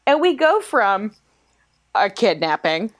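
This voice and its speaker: A woman's voice: mid-range voice, sing-song, takes it slowly. Playful joking woman podcast guest. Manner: playful, jokey, breaks into silly voices. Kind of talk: casual podcast chat.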